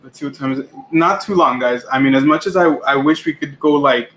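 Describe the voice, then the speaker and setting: A man's voice: mid-range voice, brisk, fairly bright tone. A man co-hosting a casual livestream, cheerfully greeting chat viewers by name. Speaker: livestream co-host. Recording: echoey room with faint background noise.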